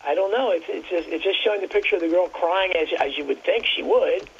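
High, gravelly man on a muffled line. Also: a little hiss or hum. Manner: rambling, halting, many restarts. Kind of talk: casual talk radio chat.

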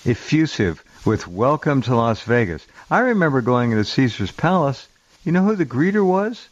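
A man hosting a talk show chat, agreeable and quick to interject. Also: medium pitch, very animated, dry recording, lo-fi sound.

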